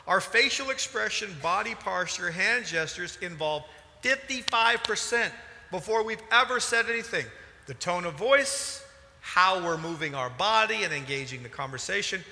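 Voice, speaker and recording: Bright-voiced man preaching in a hall. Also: sits high, normal speed. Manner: animated, emphatic preaching with sudden loud bursts. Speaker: pastor. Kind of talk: sermon. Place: church hall. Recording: large hall reverb.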